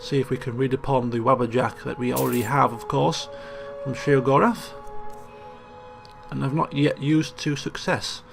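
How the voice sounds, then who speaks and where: A man's voice: medium pitch, steady tone, moderate pace, gravelly. A man giving chatty, joking commentary as he plays a video game. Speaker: let's play host. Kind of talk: casual gameplay commentary. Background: game music.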